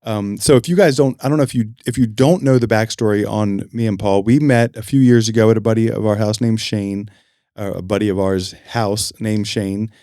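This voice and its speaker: Man, podcast host, rapid speech, lowish voice, dry studio sound. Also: no room sound. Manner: animated storyteller, acts out quotes. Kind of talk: casual chat.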